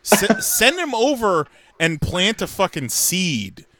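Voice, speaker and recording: A man's voice: high voice, sing-song, slow, sharp tone. A man cracking jokes in a laid-back way while co-hosting a casual podcast chat. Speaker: podcast co-host.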